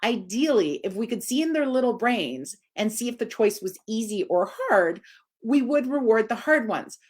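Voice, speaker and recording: Talking at normal speed in an informal live video, this forties-aged dog trainer sounds expressive. Her voice swings up high to emphasize points.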